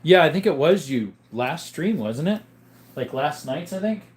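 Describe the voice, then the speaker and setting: A man's voice: fairly high pitch, a little slow, a little hiss or hum. A man chats casually on his live stream. He welcomes viewers and reads their questions aloud. His answers wander easily, full of little fillers. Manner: relaxed, rambling explanations with fillers.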